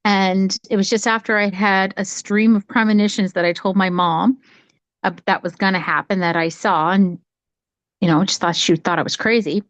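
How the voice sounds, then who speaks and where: A woman's voice: mid-range voice, normal speed, dry recording, dull audio. Chatty woman telling a rambling story. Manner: rambling, animated, many restarts and acted quotes. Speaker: psychic medium sharing her story. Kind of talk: casual storytelling chat. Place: home, cat nearby.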